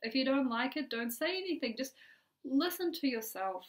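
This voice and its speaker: A woman astrologer giving a forecast in a dreamy, repetitive way, with many pauses and ums. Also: high-pitched, very animated.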